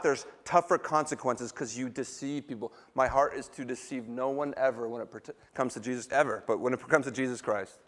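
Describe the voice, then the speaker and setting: A man's voice: mid-range voice, brisk, few pauses, fairly bright tone. A middle-aged male pastor preaching a sermon, emphatic and quizzing the congregation with questions as he reads scripture.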